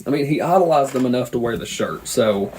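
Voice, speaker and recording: A man's voice: mid-range voice, lively intonation, a little fast, darkish tone, slight background noise, low-quality recording. A man co-hosting a podcast in casual chat, rambling and reflective with many restarts. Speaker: podcast co-host.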